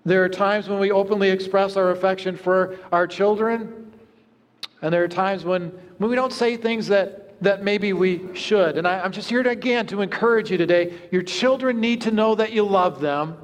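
A male pastor with a notably high voice delivers an earnest sermon. He tells stories and lets his voice sink to hushed tones for effect. The sound rings with the long reverb of a church. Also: moderate pace. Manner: earnest, storytelling with hushed low moments. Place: church sanctuary.

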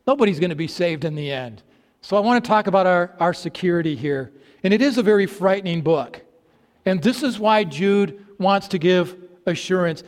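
A man's voice: high voice, long reverb tail. A man preaching a sermon to his congregation, stressing words with emphatic repetition. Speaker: pastor. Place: church sanctuary.

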